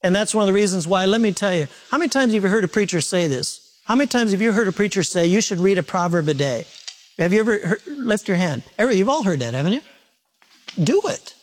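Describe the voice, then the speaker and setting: Male preacher, high voice, folksy and animated sermon delivery, quizzes the congregation, stumbles and repeats words. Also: fast. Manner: repeats words and restarts often.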